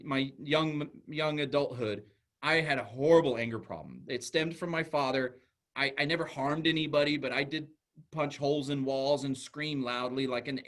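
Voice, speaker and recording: A man giving a talk as a school psychologist, telling a classroom story in an earnest way with halting restarts. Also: a little high, a bit bright. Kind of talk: storytelling presentation.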